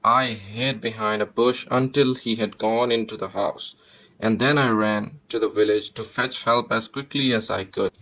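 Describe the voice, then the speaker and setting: Man playing a kind old granny, gushing, low-pitched, gravelly. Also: steady tone, normal speed, a bit bright, poor audio. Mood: relieved. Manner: gushing, relieved. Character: kind older grandmother.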